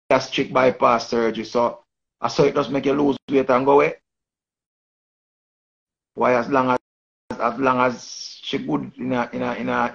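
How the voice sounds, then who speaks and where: A man's voice: medium pitch, creaky, slightly rough, dull audio. A man with a Jamaican accent giving rambling casual commentary in patois, often repeating and restarting his phrases. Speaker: online commentator.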